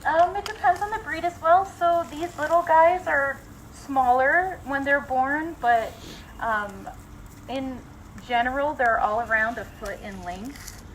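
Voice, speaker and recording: A woman's voice: high-pitched, unhurried, slight background noise, low-quality recording. Woman zookeeper explaining outdoors, frequent ums. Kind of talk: live educational talk. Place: outdoors at goat exhibit.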